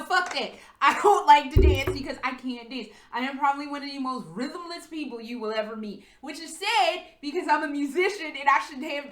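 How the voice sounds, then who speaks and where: A young American woman casually telling a story at home, profane and animated, acting out the people she quotes. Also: high voice, reverberant. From United States. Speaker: vlogger. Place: her apartment.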